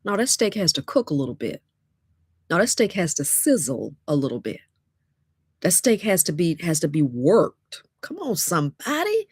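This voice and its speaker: A woman's voice: low-pitched, big pitch swings, normal speed, a little mellow, husky, no room sound. A woman, giving a motivational talk as a dating coach, emphatic and repetitive with call-and-response phrases.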